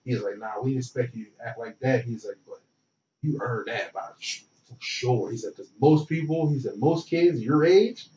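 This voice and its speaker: A young man telling a college football story in relaxed, slangy talk, acting out what others said. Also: mid-range voice, brisk. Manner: relaxed, slangy, animated retelling with quoted dialogue. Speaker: former football player, guest. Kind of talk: casual storytelling. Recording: roomy, distant, dull lo-fi sound.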